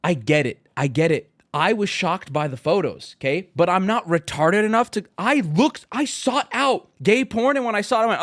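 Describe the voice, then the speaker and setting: A male streamer giving casual, profane live commentary, swinging into loud exasperated rants. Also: sits high, normal speed, few pauses. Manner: animated, swearing, rising to loud exasperated rants.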